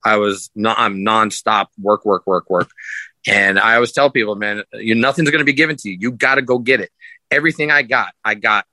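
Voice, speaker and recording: On the low side and a little fast, this sideshow performer rambles through casual anecdotes on a podcast, acting out what people said with a raised voice. The audio is poor, with no echo.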